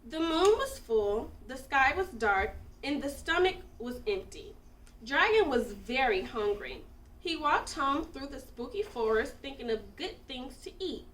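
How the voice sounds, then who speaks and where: A woman reading a children's picture book aloud with expressive, animated storytelling, in an echoey room away from the mic. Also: high-pitched, measured pace, recorded from a distance, a little hiss or hum. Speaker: storybook reader.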